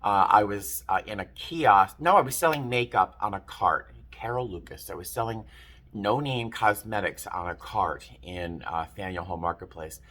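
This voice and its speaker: Man, vlogger, rambling storyteller; bright tone, slightly low pitch. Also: normal speed. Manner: chatty, rambling, self-interrupting. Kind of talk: casual storytelling to camera.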